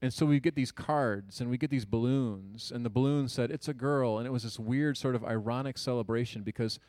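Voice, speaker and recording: This male storyteller from Ohio, in his thirties, has a medium-pitched voice captured in a dry, close recording. He tells an audience a personal story earnestly and conversationally, mixing in quick jokes and hushed asides.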